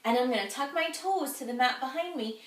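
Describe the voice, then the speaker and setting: Woman, kids' yoga teacher, high voice, cheerful and encouraging, echoey room, heard from a distance. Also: expressive, brisk. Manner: cheerful, encouraging, speaks to children. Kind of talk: guided children's yoga class.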